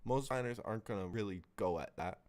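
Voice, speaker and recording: Talking over a clip on his stream, a man rants angrily and swears heavily while picking it apart. He speaks fast, with a fairly low pitch and a darkish tone.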